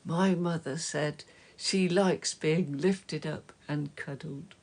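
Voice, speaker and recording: A woman reading a children's story aloud, slow and gentle, dropping to soft whispers at times. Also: deep voice. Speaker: storybook reader.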